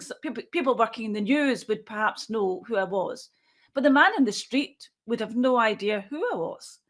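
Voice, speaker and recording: A woman in her sixties, a forensic pathologist, answering interview questions in a measured, matter-of-fact way as she thinks aloud. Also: mid-range voice.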